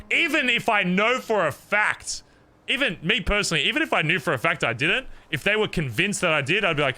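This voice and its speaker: A man's voice: a little high, expressive, fast talker, sharp tone. A man streaming a roleplay game, talking in character as he earnestly lectures another player and swears a lot.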